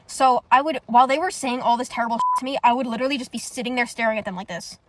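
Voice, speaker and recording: Fast-talking, blunt young woman. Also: fairly high pitch, heavy background noise. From United States. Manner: blunt, profane, animated storytelling. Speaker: vlogger. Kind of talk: casual storytime monologue.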